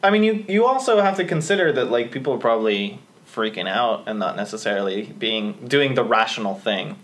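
A man with a lively, expressive voice who calmly counters his co-hosts' points. He talks through a film's logic in a casual chat. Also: mid-range voice, fairly quick. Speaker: podcast co-host. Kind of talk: casual movie-review chat.

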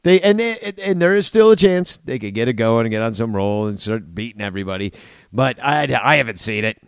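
Brief: male co-host, smooth mid-pitched voice, swearing and rambling casually. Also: expressive, fairly quick, no echo, clean studio sound. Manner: loose, profane, trailing off. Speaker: podcast host. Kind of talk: casual chat.

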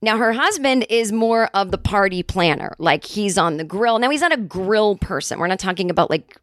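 A woman's voice: medium pitch, expressive, moderate pace, dry recording. Woman, 40s, solo comedy podcast host; rambling, sarcastic, close and dry. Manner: rambling, self-interrupting, sarcastic.

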